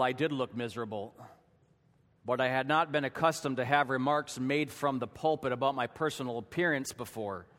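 A man preaching a sermon in a church, telling a story dramatically and rising to shouts at its peak. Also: fairly high pitch, big-room sound. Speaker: pastor. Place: church sanctuary.

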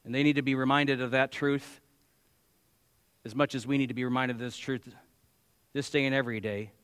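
A man's voice: mid-range voice, fairly even intonation, a little fast, clean tone. Emphatic preacher man in reverberant hall. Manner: emphatic preaching, rising to loud exclamations and dropping to quiet asides. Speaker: pastor. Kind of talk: sermon.

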